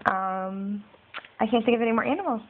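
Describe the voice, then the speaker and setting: A woman's voice: fairly high pitch, fairly quick. Woman patiently quizzing a toddler, phone-like. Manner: patient, repetitive questioning. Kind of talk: home video, asking a toddler questions. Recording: phone-like home video with faint noise.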